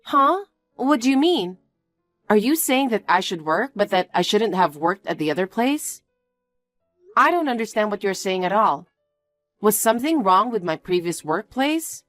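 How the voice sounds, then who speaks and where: A woman's voice: medium pitch, sing-song, moderate pace, soft background music, natural voice. A woman voicing an earnest, anxious young fiancée who pleads and questions in disbelief. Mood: incredulous. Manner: pleading and incredulous.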